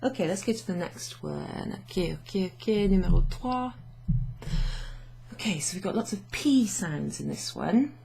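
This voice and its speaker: A woman's voice: fairly low pitch, lively intonation, moderate pace, creaky, dark tone, slight background noise. A young woman teaching French in a casual, chatty way, mixing English with French and laughing often, recorded at her home desk. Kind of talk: casual language lesson. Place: home office with a standing desk.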